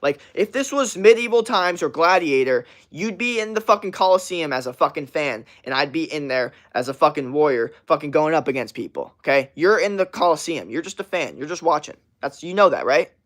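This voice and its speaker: A young man hosts his own live stream, talking straight to viewers in a loose, profanity-laced rant. His voice sits a bit high for a man, and he swears freely as he vents and then drifts back into easy, casual chatter. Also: animated, brisk, few pauses, a bit bright. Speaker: livestreamer. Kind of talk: casual livestream chat.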